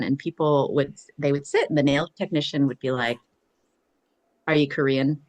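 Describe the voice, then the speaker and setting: A woman from Pennsylvania co-hosting a podcast, telling lively anecdotes and acting out the voices of the people in them. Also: sits low. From eastern Pennsylvania, USA. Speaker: podcast co-host. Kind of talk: casual chat.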